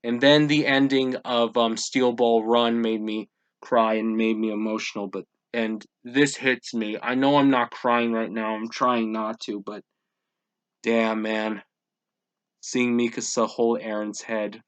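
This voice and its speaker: A man's voice: medium pitch, level tone, a little slow, clean tone. A man hosting a casual manga reaction, thinking aloud and getting emotional as he reads. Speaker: reaction channel host.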